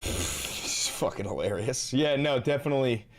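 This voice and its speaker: Male streamer, mid-pitched, casual and foul-mouthed, sarcastic rant delivery. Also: lively intonation, moderate pace. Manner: profane, sarcastic ranting. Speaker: live streamer and political commentator. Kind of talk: casual livestream commentary.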